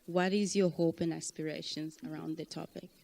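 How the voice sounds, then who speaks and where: A woman's voice: deep voice, steady tone, normal speed, vocal fry, a little mellow. A woman moderating a panel discussion, encouraging and summing up. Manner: encouraging, wrapping up.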